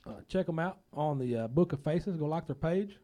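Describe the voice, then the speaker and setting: A man's voice: on the high side, animated, normal speed, warm tone. A man hosting a casual talk show, folksy and rambling, a bit under the weather.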